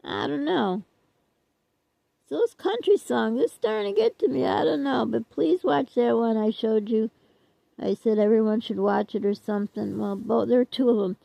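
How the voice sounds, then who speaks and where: Chatty older woman with a gravelly voice. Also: on the high side, normal speed, no room sound, lo-fi sound. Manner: chatty, self-deprecating, trailing off with "I don't know". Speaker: vlogger. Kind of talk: rambling casual chat to viewers.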